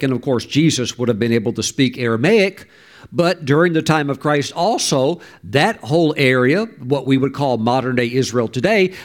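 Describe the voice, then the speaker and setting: A middle-aged male pastor preaching a sermon, telling stories expressively and reading scripture aloud. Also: mid-range voice.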